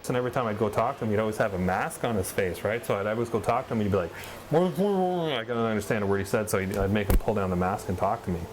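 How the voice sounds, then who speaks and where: A man with a lowish voice, interviewed for a documentary and talking casually about a former workmate. He tells his story with animated energy and a bit of faint room hum behind him. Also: rapid-fire, few pauses.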